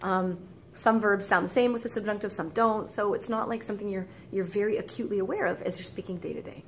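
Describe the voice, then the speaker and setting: Quick, chatty woman tutor, mid-range voice, faint hum behind. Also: mid-range voice. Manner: chatty, rambling, laughs easily, acts out quoted thoughts. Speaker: French tutor. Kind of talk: casual video lesson.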